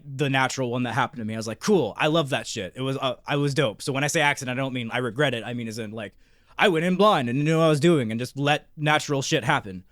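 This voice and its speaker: A man co-hosting a podcast, telling a long, excitable story in casual chat with constant swearing and restarts. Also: mid-range voice, dry recording, clean studio sound. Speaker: podcast co-host.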